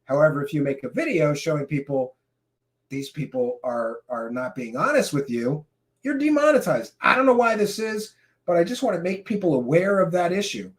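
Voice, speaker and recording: A man hosting his own commentary show, ranting sarcastically and breaking into shouts at times. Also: a little high, normal speed. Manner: animated, sarcastic, bursts into shouting. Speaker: show host.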